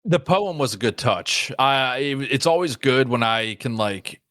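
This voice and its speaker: A man's voice: medium pitch, lively intonation, a little slow, fairly bright tone, no echo, clean studio sound. A man hosting a podcast as its game master, chatting casually, swearing easily and saying "you know" a lot.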